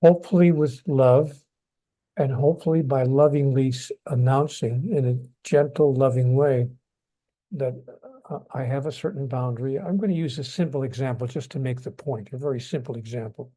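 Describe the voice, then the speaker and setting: An older man, a guest author, talking in an interview in a gentle, soft-spoken, unhurried way. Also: mid-range voice. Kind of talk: interview conversation.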